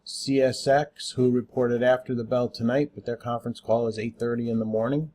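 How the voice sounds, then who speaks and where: A man's voice: mid-range voice, little pitch movement, brisk, darkish tone. A man hosting a casual daily stock market rundown, talking unscripted with lots of "uh" fillers and spelling out tickers letter by letter. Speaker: stock market watchlist host.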